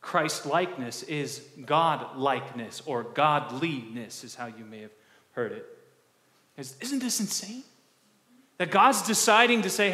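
A male pastor preaching a conversational sermon, asking the congregation questions and restarting words in quick bursts. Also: mid-range voice, sing-song, pushed and bright. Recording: echoey hall with long reverb.

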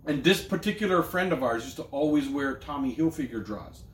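A man with a slightly high voice spins a long, profane story for his co-host, pausing and circling back as he talks. The room around him rings with echo. His delivery is loose, animated and casual. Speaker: podcast co-host. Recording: echoey room.

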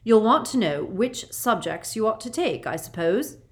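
A woman voicing a stern older female professor in an audiobook, speaking crisply, curtly and a little haughtily. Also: medium pitch, big pitch swings, normal speed, pitched above the performer's own voice. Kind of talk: audiobook character voice.

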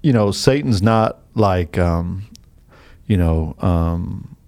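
Earnest low-voiced man teaching. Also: lively intonation, slow, mellow, smooth. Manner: earnest, explains scripture with casual asides. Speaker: podcast co-host. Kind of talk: casual podcast chat. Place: studio.

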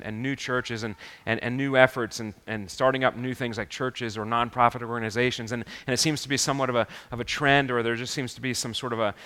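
A man preaching a sermon as pastor, earnest and halting, often restarting his sentences. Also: mid-range voice, bright, forceful tone, big-room sound.

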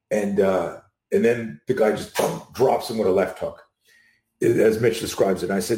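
A middle-aged man, a self-defense instructor guesting on a video call, telling animated stories and acting out the people he quotes. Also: fairly low pitch, moderate pace. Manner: animated anecdotes, acts out quotes. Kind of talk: storytelling in an interview. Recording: echoey room.

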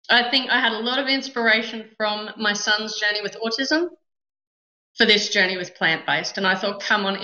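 A woman's voice: medium pitch, pushed and bright. A middle-aged Australian woman telling her personal story as a podcast guest, in an earnest, heartfelt way. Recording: echoey room, dull lo-fi sound.

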